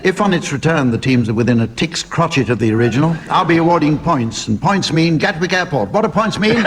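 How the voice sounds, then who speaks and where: A man's voice: a little high, animated, fairly quick. A man chairing a radio comedy panel game, delivering dry, mock-grand scripted introductions. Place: radio studio before a live audience. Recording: loud audience laughter and noise.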